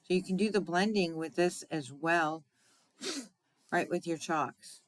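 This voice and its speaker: A woman's voice: on the low side, slow, dry recording, low-quality recording. A woman hosting a card-making tutorial in a chatty way, often checking in with "right?" and laughing at her own slips. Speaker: crafting demonstrator.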